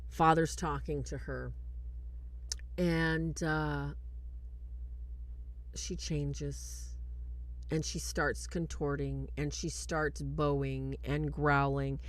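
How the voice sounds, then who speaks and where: Low-voiced woman hosting a film review. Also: drawn-out words, long pauses. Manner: animated retelling, thanks viewers warmly. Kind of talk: livestream commentary.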